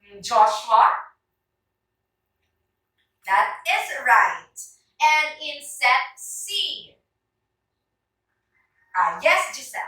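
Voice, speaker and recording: A Filipino woman leads a class with a high, bright voice that rises and falls freely. She speaks slowly and deliberately, calling on students one by one. The sound is very echoey and picked up from across the classroom. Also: recorded from a distance. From Philippines. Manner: calls on students by name, clear and deliberate. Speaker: teacher. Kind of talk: classroom teaching demonstration.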